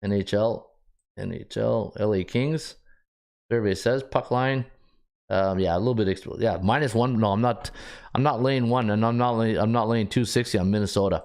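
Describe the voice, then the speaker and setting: This sports betting podcast host has a mid-range, slightly mellow voice. He analyzes casually on his own, thinking aloud as he checks stats, with frequent restarts and fillers.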